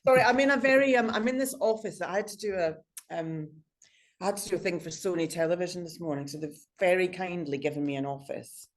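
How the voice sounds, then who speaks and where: A woman's voice: lowish voice, fast. A woman actor chatting as a podcast guest over a video call from an office, talking in a chatty, effusive way. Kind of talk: casual chat. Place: office high above a city.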